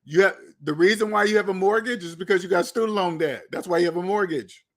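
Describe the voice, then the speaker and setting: Blunt high-voiced man lecturing. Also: fast talker, a bit bright. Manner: blunt, lecturing, repeats himself. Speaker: finance commentator. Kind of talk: opinionated video commentary.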